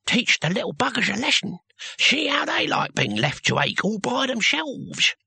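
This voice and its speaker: A man voicing a touchy, toothless old male barbarian hero in a storybook reading, talking gruffly and with sarcasm. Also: extremely high pitch, sing-song, normal speed, bright, forceful tone, dry recording, pitched above the performer's own voice, full character voice. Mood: awed.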